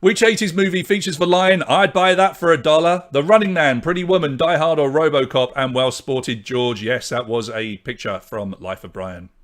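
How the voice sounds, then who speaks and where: Man, fairly high voice, quiz host, brisk score readouts, chatty asides to viewers. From Britain. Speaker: online pub quiz host. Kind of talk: live-streamed quiz hosting.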